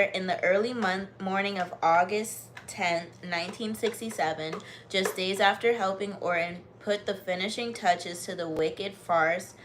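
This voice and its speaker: American woman, livestream book reader, steady emphatic reading with chatty asides, faint background hum. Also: mid-range voice. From United States. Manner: reads with steady emphasis, then breaks off into chatty, bubbly asides. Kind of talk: reading aloud to live viewers, with casual chat.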